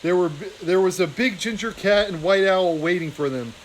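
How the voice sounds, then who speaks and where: A man reading aloud, voicing a weary, gruff female badger who fought in a battle. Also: high voice, normal speed, slight background noise, lightly acted, rough recording.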